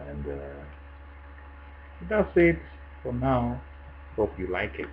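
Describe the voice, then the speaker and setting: Cameroonian man, very deep voice, relaxed chatty vlog talk, muffled lo-fi sound, faint hum. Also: takes it slowly. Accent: Cameroonian English. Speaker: vlogger answering a tag. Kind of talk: casual monologue.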